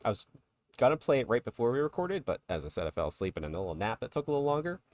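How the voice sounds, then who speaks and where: A man's voice: medium pitch, very animated, rapid-fire, a little mellow, no room sound. A man co-hosting a podcast, talking casually and chattily about tabletop miniatures and laughing along with his co-host. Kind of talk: casual chat.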